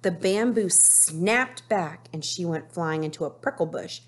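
A woman teacher reading a picture book aloud to children, slow and expressive, stopping to ask the class questions. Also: on the low side, slightly rough. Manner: slow, expressive storytelling with asides to pupils.

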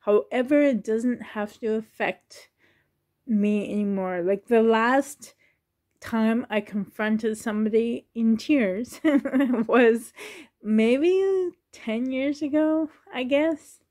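A woman's voice: on the high side, slow pace, darkish tone. A woman in her thirties talking casually on her vlog, sensitive and near tears, laughing nervously as she speaks. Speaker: reborn doll collector and YouTuber.

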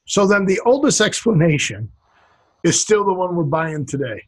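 A man with a slightly husky, somewhat high voice chats casually as a podcast co-host. He jokes around and rambles, restarting his sentences often. The sound is close and dry, with little room. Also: sing-song, moderate pace, no room sound, rough recording. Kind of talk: casual chat.

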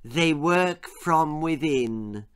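A man reading aloud, voicing a creepy old male entomologist who speaks slowly and quietly with a threat underneath. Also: a little high, lively intonation, smooth, heavily acted. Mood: hushed. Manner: slow, hushed, ominous delivery.

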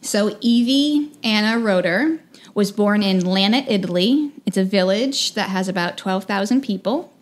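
Woman, 30s, American podcast co-host, mid-pitched voice, rambling, laughs often. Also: normal speed, a little hiss or hum. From United States. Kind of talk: casual true-crime podcast chat.

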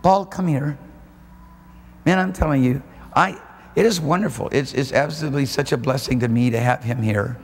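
A man's voice: mid-range voice, normal speed, slightly rough. A man preaching a sermon at a church service, fervent and emphatic, stretching out key phrases. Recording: echoey church hall with faint noise.

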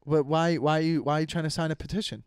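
Here a young podcast host rants for comedy, swearing heavily and rambling with many stumbles and restarts. His voice sits on the high side, clear and resonant with a steady tone, and he talks fast; the studio audio is clean, without room sound.

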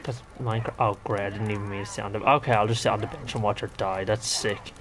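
A man's voice: lowish voice, little pitch movement, quick pace. A man, rambling and exclaiming to himself as he comments on a video game. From Ireland. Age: 20s. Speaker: gaming vlogger. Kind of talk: casual gameplay commentary.

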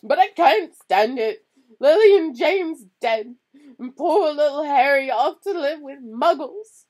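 A woman's voice: mid-range voice, very animated, a little slow, pitched above the performer's own voice. A woman putting on a big sobbing shaggy giant man. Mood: tearful. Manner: sobbing loudly, rough-voiced. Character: big shaggy tearful male half-giant.

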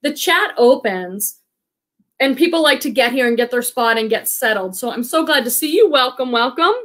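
Her voice is fairly high, expressive and fairly bright, at a moderate pace, as she hosts a live reselling stream. The chat is enthusiastic and bubbly, she's a bit out of breath, and she speaks to the audience as friends.

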